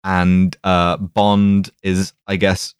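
A man's voice: low-pitched, extremely slow, smooth, no room sound, studio quality. A man co-hosting a podcast, retelling a film in casual, swearing chat. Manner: animated storytelling, swears freely. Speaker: podcast co-host.

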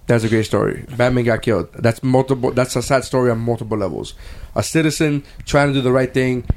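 A man co-hosting a casual chat show, wry and halting, often stalling with fillers. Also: mid-range voice, darkish tone, slight background noise. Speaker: podcast co-host.

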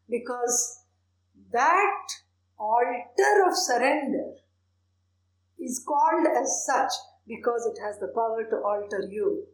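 A woman, a spiritual teacher, explaining a Sanskrit prayer with animated storytelling and soft laughs. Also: high voice, echoey room, poor audio.

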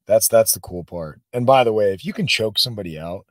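A man with a lowish voice tells personal stories in an animated, heartfelt way, calling his listener "bro" and "man". The sound is dry and close. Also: brisk, no room sound. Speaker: podcast guest. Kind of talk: casual storytelling.

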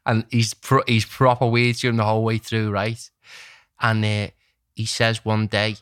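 A man's voice: fairly low pitch, monotone, moderate pace, a bit bright, clean tone. A young man telling a long story in casual chat, rambling and full of slang.

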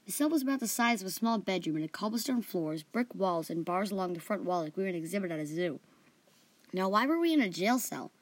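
A woman's voice: medium pitch, animated, quick pace, dry recording. A woman hosting a story podcast, narrating in first person with playful asides.

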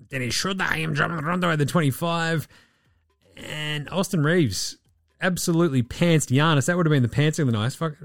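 A man's voice: on the high side, no echo, studio quality. A man hosting a podcast in casual sports chat, blunt, joking and swearing freely. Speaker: podcast host.

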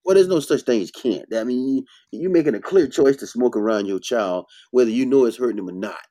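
A man with a mellow, dark voice talks bluntly about health as an herbalist host. He preaches in emphatic bursts. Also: mid-range voice, brisk. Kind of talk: casual health talk.

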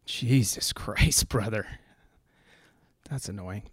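A man's voice: fairly low pitch, slow, fairly bright tone, breathy edge, dry recording, clean studio sound. An American man rambling through news in a casual, profane, joking way, full of fillers and restarts. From United States.

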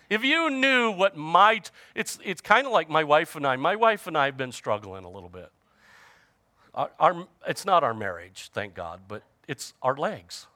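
A man's voice: on the high side, pushed and bright, no room sound. A man preaching a sermon, chatting with the congregation, joking about everyday trouble and reading scripture aloud. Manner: conversational preaching with humor and audience call-outs. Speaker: pastor.

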